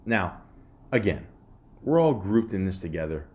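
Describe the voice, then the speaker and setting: A man's voice: low-pitched, very animated, measured pace, darkish tone. Profane ranting male podcast host. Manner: profane, exasperated ranting with lots of fillers. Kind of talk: solo ranting podcast monologue.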